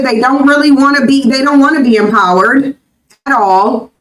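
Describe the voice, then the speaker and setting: A woman's voice: high-pitched, steady tone, moderate pace. A woman hosting a stream who comments on a played clip in an insistent, lecturing way, repeating her points. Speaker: streamer host reacting to a video. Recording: echoey, distant room mic.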